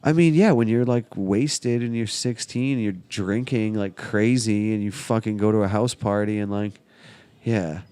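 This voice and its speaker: A man's voice: lowish voice, a little slow, warm tone, clean tone. A man in his twenties telling stories in a casual chat, laid back and full of slang and fillers. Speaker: podcast guest. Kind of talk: casual storytelling.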